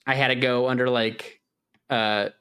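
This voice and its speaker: A man's voice: medium pitch, fairly even intonation, measured pace, a bit bright, clean tone. Rambling man on a gaming podcast. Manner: rambling, lots of "like", acts out his own reactions in a raised voice. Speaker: podcast co-host. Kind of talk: casual gaming chat.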